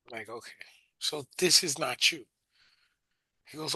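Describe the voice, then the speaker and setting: A middle-aged man with a Bronx New York accent, co-hosting a podcast and telling stories in a sarcastic, animated way. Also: on the high side, takes it slowly, long pauses, no echo. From South Bronx, New York. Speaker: podcast co-host. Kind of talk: casual chat, storytelling.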